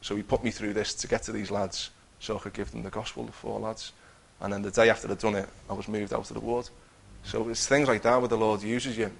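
A man's voice: on the low side, flat delivery, brisk, gravelly, hardly any pauses, breathy edge. A man giving an earnest personal testimony, telling his story with many restarts. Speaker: testifying believer.

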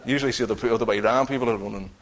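A man's voice: medium pitch, very fast, a crowd in the background, background noise. A man giving an earnest personal testimony, telling his story with many restarts. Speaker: testifying believer.

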